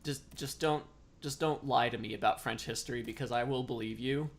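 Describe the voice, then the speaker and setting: A man's voice: medium pitch, fairly even intonation, fairly quick, gravelly. A man chatting casually as a streamer while playing a game, rambling and self-deprecating. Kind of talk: casual gameplay commentary.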